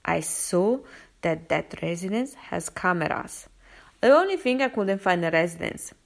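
A woman vlogger telling a personal story in a casual, expressive way, with many fillers and restarts. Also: on the low side, a little slow, creaky. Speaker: vlogger sharing a daily quote. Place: home area in London.

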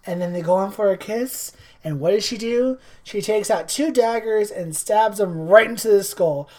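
A woman's voice: mid-range voice, moderate pace. A woman casually recapping a horror movie, acting out the characters and laughing often. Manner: animated storytelling, acts out characters, laughs often. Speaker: podcast co-host recapping a movie. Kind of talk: casual chat.

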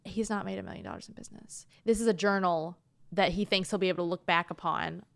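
A woman's voice: on the low side, fairly even intonation, quick pace, vocal fry, no room sound. A woman co-hosting a podcast in casual chat, talking loosely with many "like"s and some swearing. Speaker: podcast co-host.

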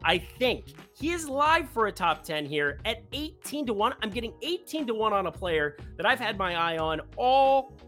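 An upbeat, jokey sports betting host running through golf picks in a casual way. The voice is bright and swings widely in pitch, often lifting phrases into a question-like rise. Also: sing-song, normal speed, hardly any pauses, soft background music.

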